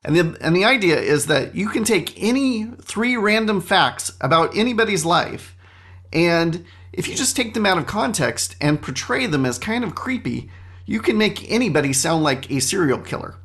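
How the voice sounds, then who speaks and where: A man hosting a solo podcast, telling a story in an animated, self-mocking way into a studio microphone. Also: high-pitched, normal speed. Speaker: podcast host.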